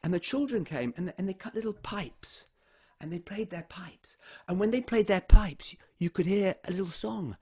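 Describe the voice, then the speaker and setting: Guy telling a folk story, high lively voice, kinda husky. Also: moderate pace. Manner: animated, swings between loud and hushed.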